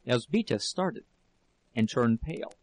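A man reading a novel aloud as an audiobook, with measured, steady storytelling. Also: medium pitch, low-quality recording. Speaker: narrator. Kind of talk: audiobook narration.

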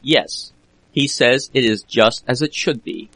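A man's voice: mid-range voice, unhurried, fairly bright tone, dry recording. A man voicing a worried male immigrant friend who translates, in his plain narrator's voice.

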